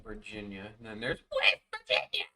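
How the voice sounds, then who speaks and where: Young male streamer, rambling and self-deprecating, bright tone, sits back from the mic. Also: fairly low pitch, huge pitch swings, moderate pace, recorded from a distance. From Chicago, USA. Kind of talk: casual chat while drawing on stream.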